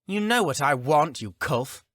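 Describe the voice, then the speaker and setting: A man's voice: a little high, expressive, unhurried, no room sound, voice pushed up. A man voicing a witty, cheeky male shapeshifter who looks like a child. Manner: cheeky, sharp-tongued, whiny. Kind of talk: audiobook character reading.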